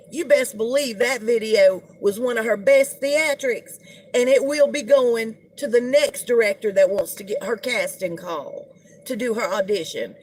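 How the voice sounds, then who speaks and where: A woman's voice: a little high, slight background noise. A middle-aged woman, hosting a casual live-stream gossip chat and greeting viewers as she talks. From United States. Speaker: livestream host.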